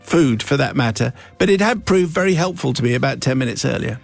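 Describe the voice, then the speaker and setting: A man's voice: mid-range voice, expressive, a little fast, creaky, soft background music. A man hosting a radio show, reading a listener's letter aloud in a playful, amused, theatrical way. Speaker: radio host. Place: radio studio.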